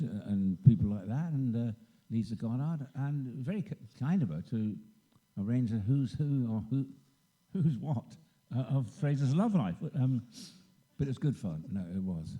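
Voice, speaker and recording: A man's voice: mid-range voice, dark tone, breathy edge. An older man telling rambling anecdotes on a convention panel and acting out the voices of people he quotes. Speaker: guest actor on a convention panel. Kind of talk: anecdotal storytelling. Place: convention stage.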